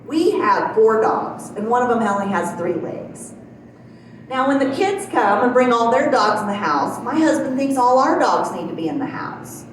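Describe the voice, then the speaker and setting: A woman's voice: fairly high pitch, sing-song, moderate pace, far from the mic. A middle-aged woman doing a stand-up set in a small club, telling folksy stories and chuckling at her own jokes. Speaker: stand-up comedian. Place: small comedy club stage. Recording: very echoey room, from afar, faint noise.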